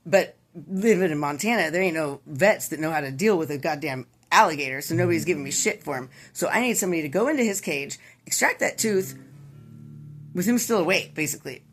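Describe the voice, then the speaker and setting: A woman voicing a gruff small-town male bartender who talks in a profane, matter-of-fact way. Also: sits low, lively intonation, a little fast, soft background music. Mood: grumbling.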